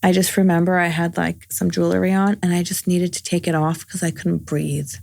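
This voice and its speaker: Gravelly-voiced woman in her forties. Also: lowish voice, flat delivery, brisk, a little mellow, no room sound, studio quality. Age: 40s. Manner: earnest, recounts events with reported dialogue. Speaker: podcast guest. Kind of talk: personal storytelling in casual conversation.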